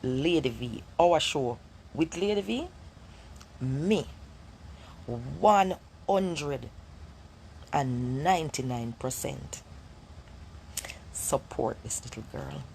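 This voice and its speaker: A woman's voice: very deep voice, animated, slow pace, gravelly, pauses often, darkish tone, slight background noise. A middle-aged Jamaican woman with a Jamaican accent, addressing viewers as a mother in an emphatic, declaring way.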